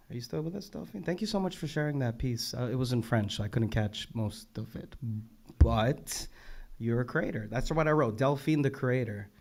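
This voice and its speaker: A young man hosting a live open mic, casually reading back poets' lines and praising them, swearing freely and getting loud with enthusiasm. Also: mid-range voice. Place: live event venue.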